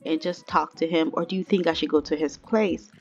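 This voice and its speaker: Girl voicing a guilty young woman in a sims story, low-ish, defensive. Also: fairly even intonation, brisk, dull audio. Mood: worried.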